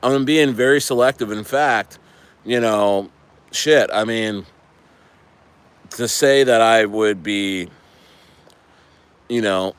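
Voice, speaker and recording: A man's voice: on the low side, smooth. A man streaming about crypto in a casual, rambling and profane way, often repeating himself. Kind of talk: casual ranting chat.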